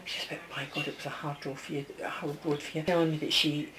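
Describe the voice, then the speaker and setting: Woman medium, low-voiced. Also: little pitch movement, fast, noisy background. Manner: chatty, relays messages, keeps checking with the sitter. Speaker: psychic medium. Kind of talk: one-to-one reading.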